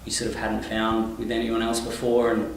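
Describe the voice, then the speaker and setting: Australian male guest, lower voice, loose and rambling, recorded far off in a very echoey space. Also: normal speed, gravelly, a little hiss or hum. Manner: relaxed, rambling, many fillers and restarts. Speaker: touring singer-songwriter, guest. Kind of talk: casual interview. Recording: echoey room, mic at a distance.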